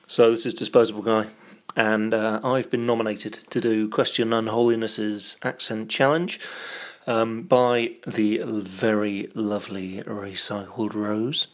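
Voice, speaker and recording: A man's voice: on the low side, level tone, a little slow. A young man reading a word list for a challenge, drawing words out, some of them half-whispered. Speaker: vlogger.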